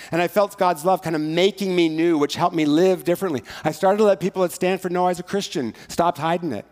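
A man's voice: high-pitched, fast talker, a little mellow. Light-voiced male pastor in a reverberant church. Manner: conversational and joking, with rhythmic rhyming lines. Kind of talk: sermon. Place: church sanctuary. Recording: long church hall reverb.

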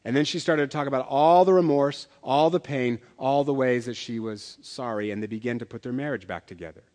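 A man's voice: mid-range voice, a little fast, a little mellow. A man preaching a sermon as pastor, telling stories in a conversational way with self-deprecating humor. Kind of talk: sermon with storytelling. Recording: long hall reverb.

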